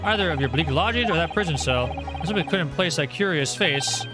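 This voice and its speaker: A man's voice: on the high side, animated, brisk, lightly acted. A man voicing an eccentric, grandly polite male detective with an airy, mocking manner. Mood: breezy. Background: loud game music.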